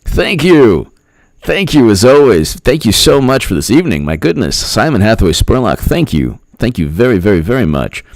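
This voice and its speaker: A man's voice: lowish voice, sing-song, a little fast, few pauses, no echo. A man hosting a casual political livestream, joking, laughing at his own lines and thanking viewers by name. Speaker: political commentator host.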